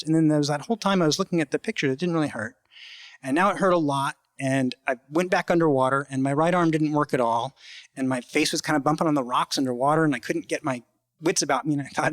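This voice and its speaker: A man telling a true story about his own life in a halting, conversational way, acting out the voices he quotes. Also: on the high side, no room sound. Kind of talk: live personal storytelling.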